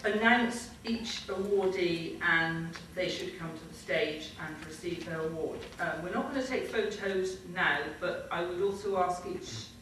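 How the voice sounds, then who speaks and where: Hosting a convention from a big hall's stage, this woman makes offhand announcements and presents awards in a loose, informal way. Her voice is on the low side and fairly bright, and she keeps a measured pace with few pauses. It's captured from far off in an echoey, noisy room.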